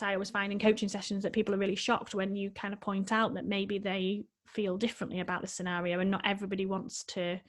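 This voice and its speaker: A woman chats on a podcast in a heartfelt, emotional way. She rambles and restarts her sentences as her thoughts unfold. Her pitch sits in the ordinary middle range for a woman. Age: adult, married with children. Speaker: life coach, podcast guest. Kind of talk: casual podcast conversation.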